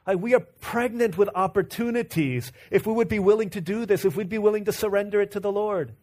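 A man's voice: sits high, brisk, a little mellow. A man from Virginia preaching a sermon in a conversational, storytelling way, full of restarts and asides to the room.

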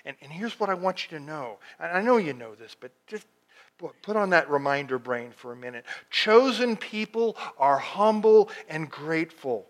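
A man preaching a sermon as pastor, reading scripture slowly and swinging from loud emphatic lines to hushed ones. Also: fairly high pitch, expressive.

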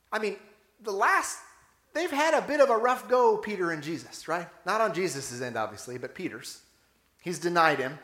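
A man with a high, bright voice preaches a sermon, telling the story with animation and firing off rhetorical questions. His voice carries a roomy echo, as if it were filling a church sanctuary. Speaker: pastor.

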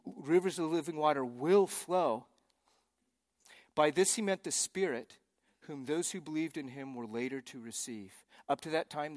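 A man preaching a sermon, telling the story with animated energy and frequent restarts. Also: mid-range voice, no echo. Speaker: pastor.

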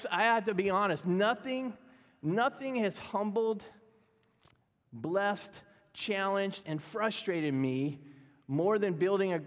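A middle-aged pastor delivers a sermon in a casual, self-deprecating way, joking with the congregation. His voice sits notably high, and it rings out with the long reverb of a church sanctuary. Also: a bit bright. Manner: humorous, self-deprecating, conversational.

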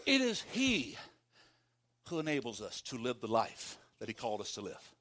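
A man preaching a sermon as pastor, calling on the congregation to repeat lines after him and swinging from hushed tones to shouts. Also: mid-range voice, huge pitch swings, normal speed. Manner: calls for congregation responses.

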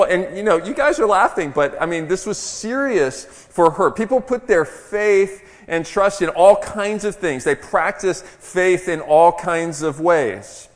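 Middle-aged pastor guy preaching, voice a bit high, church echo hanging on everything. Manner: hushed slow prayer, then lively storytelling. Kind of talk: sermon with prayer. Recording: long reverb of a church hall.

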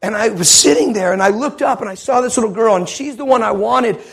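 A man's voice: high voice, fairly quick, creaky, slightly rough. A man preaching a sermon, telling a story with great passion. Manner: impassioned storytelling.

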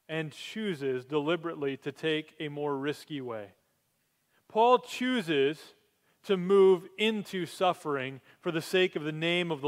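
A man preaching a sermon, telling stories with animated energy that climbs to excited peaks. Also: on the high side. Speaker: pastor. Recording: long hall reverb.

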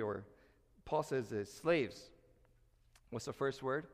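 A man's voice: mid-range voice, moderate pace, long pauses. Preaching man in an echoey hall. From United States. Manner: animated preaching, acting out quoted voices. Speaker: pastor. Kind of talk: sermon.

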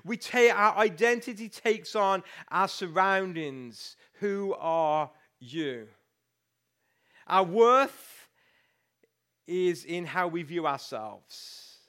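A middle-aged man, a pastor preaching a sermon in an animated, storytelling way. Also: high-pitched, slow pace.

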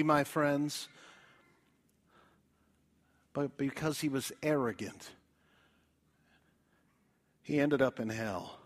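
A male preacher giving a dramatic evangelistic sermon in a church, swinging from loud appeals to hushed whispers. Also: a little high, slow, pauses often.

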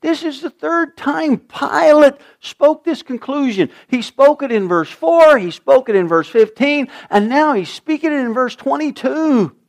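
An older man preaching a sermon, earnest, swinging from loud emphasis to hushed asides. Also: very high-pitched, a little slow, few pauses. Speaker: pastor.

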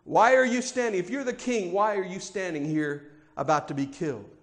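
A scoffing Roman governor fires off sarcastic, needling questions, as a male preacher acts him out. The voice sits high and keeps jabbing. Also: normal speed, long reverb tail. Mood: mocking. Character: mocking skeptical Roman governor, man.

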